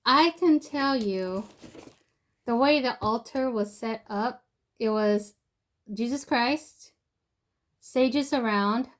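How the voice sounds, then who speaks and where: A woman's voice: a little high, takes it slowly, long pauses. A young woman telling a personal story in a loose, rambling way, full of fillers and restarts. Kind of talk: casual spoken storytelling.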